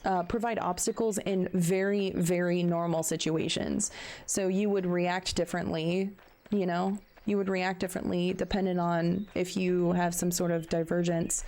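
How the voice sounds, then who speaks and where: A woman in her thirties talking candidly in casual chat, questioning herself and halting with fillers. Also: fairly low pitch, warm tone. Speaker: stream co-host.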